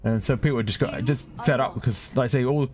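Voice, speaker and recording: A man's voice: medium pitch, fast, a crowd in the background. Chatty British man rambling on stream. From Britain. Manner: rambling, chatty, laughs at his own points. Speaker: game streamer. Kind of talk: casual chat while gaming.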